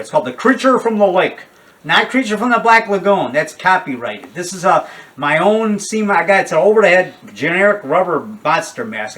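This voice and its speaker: A man's voice: a little high, fairly bright tone, distant mic. An older man, a horror filmmaker, talking casually in a rambling, digressive way with many restarts and asides.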